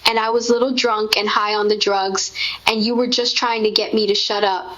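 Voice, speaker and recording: A woman in casual conversation with her partner, telling their shared story in an animated way. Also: medium pitch, normal speed, muffled recording. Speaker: co-host recounting a shared memory.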